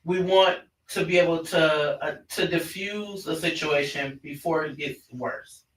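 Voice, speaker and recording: A man's voice: a little high, measured pace, fairly bright tone, a little hiss or hum. A man presenting an online parenting class in a conversational way, often restarting his sentences. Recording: roomy, distant mic.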